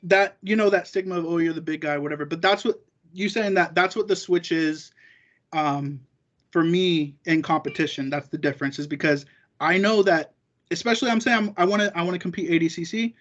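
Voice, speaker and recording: A man's voice: high voice, a little fast, fairly bright tone, highs cut off. A man talking as a podcast guest in casual chat, rambling and profane, acting out what other people said. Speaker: guest, jiu-jitsu competitor.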